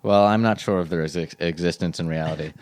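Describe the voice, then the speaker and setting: A man voicing a gruff, deadpan cowboy spy character in an improvised comedy podcast. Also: quick pace, no room sound, close to an everyday voice. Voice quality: deep, stern, deadpan. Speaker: podcast guest.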